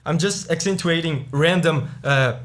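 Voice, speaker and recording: A man's voice: on the high side, a little slow, a bit bright. A man hosting a music reaction video, casually explaining rhythm and chords while counting beats aloud. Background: game music playing.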